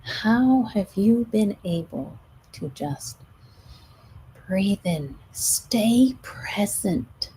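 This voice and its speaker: A middle-aged woman, a stress management coach, talking gently to her audience on a live show and at times dropping almost to a whisper. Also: mid-range voice, animated, drawn-out words, a little hiss or hum, low-quality recording.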